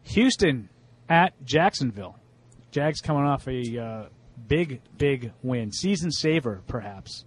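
A man's voice: medium pitch, lively intonation, unhurried. A man hosting a casual sports panel, reading out each matchup and its line before giving his own pick. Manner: reads out matchups and lines, then gives his pick. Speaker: host running the picks segment.

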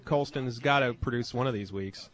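A man co-hosting a casual sports chat, joking and quick to agree. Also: mid-range voice, a bit bright, low-quality recording. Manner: joking, lots of short agreements. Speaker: co-host.

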